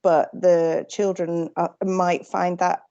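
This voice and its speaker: Woman, relaxed co-presenter, warm dark tone, muffled video call sound. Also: on the low side, slow. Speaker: workshop co-presenter. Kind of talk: casual chat on a video call. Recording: dull lo-fi call audio.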